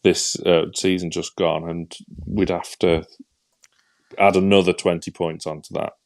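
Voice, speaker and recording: Low gravelly man in casual chat. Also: flat delivery, measured pace. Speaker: fan channel co-host.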